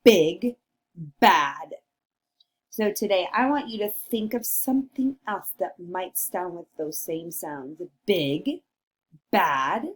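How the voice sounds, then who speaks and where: A woman's voice: on the low side, slow pace. A woman teacher leading a read-along lesson for young children, encouraging and sing-song.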